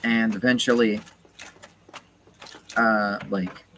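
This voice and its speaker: A man's voice: fairly low pitch, slow, low-quality recording. A man streaming a game in casual chat, retelling a story in a rambling way with many fillers. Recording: loud steady background noise.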